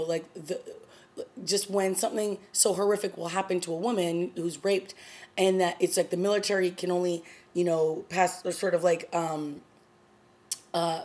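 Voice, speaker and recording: A woman with a fairly low voice talks through a TV episode in a relaxed vlog. She is chatty and animated, leaning on "you know" and "like" as she retells the scenes. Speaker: TV review vlogger. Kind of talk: casual solo TV episode review.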